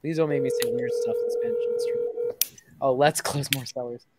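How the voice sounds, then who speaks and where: A young man in his twenties riffs casually with his livestream audience, tossing out jokes between calls. His voice sits in an ordinary middle pitch, and a steady hiss of noise runs under the recording. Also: brisk. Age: 20s. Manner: joking, chatty, loose banter with viewers. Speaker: host making seller calls on a livestream.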